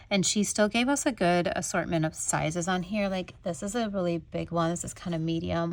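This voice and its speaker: Chatty gravelly woman with a lilt. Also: fairly low pitch, a little hiss or hum. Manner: gushing, talks to viewers, filler-heavy. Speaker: planner sticker haul vlogger. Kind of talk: chatty product haul.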